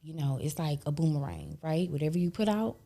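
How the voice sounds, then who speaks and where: A woman in her thirties hosting a casual chat, blunt and animated, full of slang and laughter. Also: deep voice, brisk, vocal fry. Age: 30s. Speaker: podcast host.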